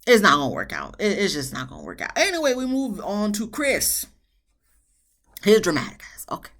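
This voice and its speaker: A woman's voice: medium pitch, big pitch swings, fairly quick, fairly bright tone. A woman reviewing a reality TV episode in a chatty, emphatic vlog style with dramatic asides. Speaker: TV show reviewer.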